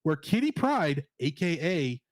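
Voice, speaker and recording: A man co-hosts a relaxed review podcast with a higher voice that leaps around expressively. He jokes and laughs through his points. The recording is dry and close, with no room sound. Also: unhurried, dry recording. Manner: animated, joking, laughs often. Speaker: podcast co-host. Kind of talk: casual review chat.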